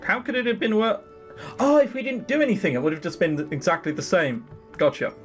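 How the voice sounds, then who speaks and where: A man's voice: high voice, very animated, fairly quick, faint music behind. A man voicing a tired, hopeful young servant girl who muses to herself, reading a visual novel game aloud. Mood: musing.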